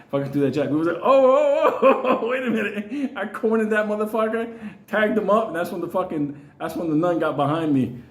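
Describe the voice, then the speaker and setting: A middle-aged man hosting his own channel, telling rambling, profanity-heavy personal stories and often laughing. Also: mid-range voice. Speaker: channel host. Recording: echoey room.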